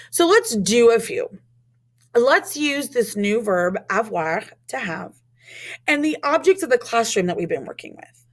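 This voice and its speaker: A woman teaching French in a recorded lesson, modeling words clearly and asking learners to repeat after her. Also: fairly high pitch.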